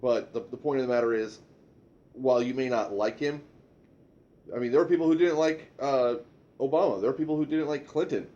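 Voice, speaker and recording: A middle-aged man co-hosting a talk show, speaking in a measured way with some stumbles as he gives his opinions. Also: medium pitch, mellow, lo-fi sound. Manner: measured, hesitant, repeats words. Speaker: co-host. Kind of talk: casual political chat.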